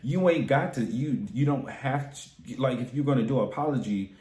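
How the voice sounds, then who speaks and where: A campy man talking fast and loose about a reality show, all sass and swearing. His voice sits in the middle for a man, and it jumps high for emphasis. The recording has a roomy echo to it. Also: lively intonation, dark tone. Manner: sassy, campy and profane, with big swoops in pitch. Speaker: reality TV recap vlogger. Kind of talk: casual commentary. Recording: echoey room.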